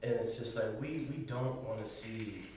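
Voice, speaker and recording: A man's voice: on the low side, normal speed, a little mellow. A man co-hosting a crude comedy podcast, rambling in a laid-back way and swearing. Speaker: podcast co-host. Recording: echoey room, distant mic, faint hiss.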